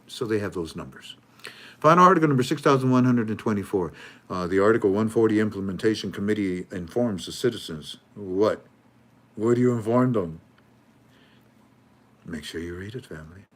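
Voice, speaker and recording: A man hosting his channel, reading news articles aloud with casual, mocking commentary and frequent laughs. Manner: joking, mocking, laughs often, acts out officials in a high voice. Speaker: host.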